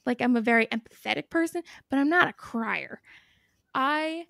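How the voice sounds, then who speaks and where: A woman hosting a podcast, telling a story in an animated, casual way, swearing freely and laughing as she goes. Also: high-pitched, normal speed, gravelly, no room sound, clean studio sound. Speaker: podcast host.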